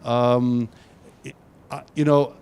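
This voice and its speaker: An older man teaches a university workshop room full of students. His voice is mellow and warm, and he stumbles into repeated restarts before landing on an emphatic point. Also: mid-range voice, little pitch movement, slow, smooth. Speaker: workshop presenter.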